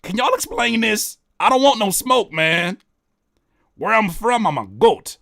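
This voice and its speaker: Animated joking man, high voice. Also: unhurried, creaky, no room sound, clean studio sound. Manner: animated, joking, rereads lyrics aloud; profane slang. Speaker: reaction host. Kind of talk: casual reaction commentary.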